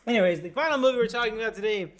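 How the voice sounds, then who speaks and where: A man's voice: very high-pitched, expressive, racing, fairly bright tone. A man hosting a casual movie chat, loose and rambling, swearing now and then. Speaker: podcast host.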